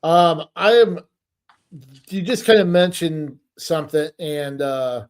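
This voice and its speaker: A man's voice: a little high, steady tone, slow, clean tone. A middle-aged man co-hosting a podcast, telling stories in a rambling, hesitant casual chat. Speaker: podcast co-host.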